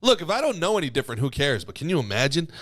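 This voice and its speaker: A man's voice: on the high side, very animated, rapid-fire, a bit bright, no room sound. Young male co-host, casual crude banter, restarts a lot, dry recording. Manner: crude, joking, rambling with restarts. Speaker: podcast co-host. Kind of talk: casual comedic chat.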